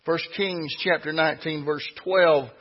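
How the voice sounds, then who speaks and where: Man, pastor, high husky voice, folksy emphatic preaching, rhetorical questions, dull lo-fi church recording. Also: fairly even intonation, unhurried. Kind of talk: sermon. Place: church sanctuary.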